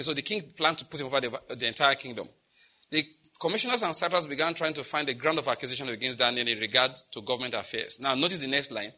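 A man preaches with a very bright, ringing voice that sits a little high. He is fervent, calling out to God between points and getting the congregation to repeat lines back to him. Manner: fervent, with prayerful exclamations. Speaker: prayer teacher. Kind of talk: sermon with call-and-response.

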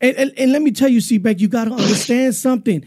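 A man's voice: very high voice, fast talker, a little mellow. A man hosting a music countdown show, hyped and effusive, often stumbling over his words. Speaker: radio DJ host.

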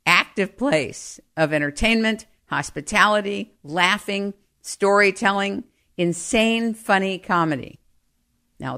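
A woman telling personal family stories in an animated way, often laughing. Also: lowish voice. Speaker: storyteller. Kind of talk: personal storytelling monologue.

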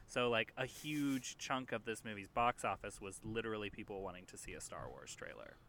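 A man's voice: fairly low pitch, fairly quick, a bit bright, slight background noise. A man hosting a movie podcast, rambling with many fillers. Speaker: podcast host. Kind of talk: casual movie podcast chat.

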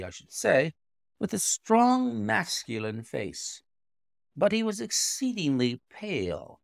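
A man reading a classic story aloud in expressive, dramatic narration. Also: medium pitch, vocal fry, no echo, clean studio sound. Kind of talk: scripted audiobook narration.

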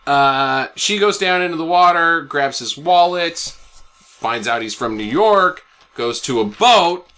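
Bright-voiced young man recapping a movie. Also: lively intonation, slow pace, smooth. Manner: sarcastic, rambling, swears, voice jumps high when worked up. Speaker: podcast host. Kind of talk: casual movie recap chat.

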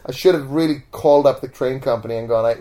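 Here the magician talks quickly in a medium-pitched voice. Interviewed at home, he spins casual stories and brings them to life by animatedly performing the different voices.

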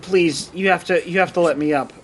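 A man's voice: on the high side, fairly quick, fairly bright tone, a little hiss or hum, natural voice. A man voicing a drugged, terrified male government agent strapped down, pleading and stammering. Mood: pleading, dazed.

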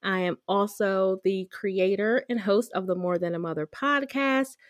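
A woman's voice: medium pitch, no echo. Dry, close-miked woman telling stories. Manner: storytelling, animated when quoting. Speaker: podcast guest. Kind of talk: casual chat.

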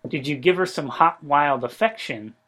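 Brief: male podcast host with a slightly high voice, dry and teasing. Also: moderate pace, sharp tone. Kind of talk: casual podcast chat.

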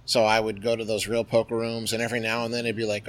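A middle-aged man, a poker player, telling stories in a casual interview with a lively, chatty manner full of fillers. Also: fairly low pitch, fast, hardly any pauses. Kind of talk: interview storytelling.

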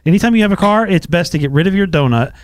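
Male co-host, patient explainer, slightly high voice, dry studio. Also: expressive, very fast, no echo. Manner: explaining patiently, practical advice. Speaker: radio co-host. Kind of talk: casual radio banter.

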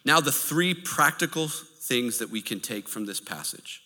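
A man preaching a sermon in an animated, storytelling way, with occasional laughs. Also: medium pitch, a little slow. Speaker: pastor. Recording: reverberant hall.

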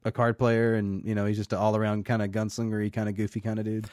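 A man co-hosting a casual movie podcast, excitedly retelling scenes with plenty of swearing. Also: lowish voice, fast, no room sound, clean studio sound. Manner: enthusiastic, profane, animated retelling. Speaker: podcast co-host. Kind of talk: casual movie-discussion banter.

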